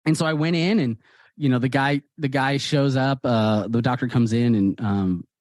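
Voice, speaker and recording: A man, a guest author, telling personal stories in a lively conversational way and acting out the dialogue. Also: mid-range voice, moderate pace, no echo, studio quality. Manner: animated, acts out quoted dialogue. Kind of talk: conversational storytelling.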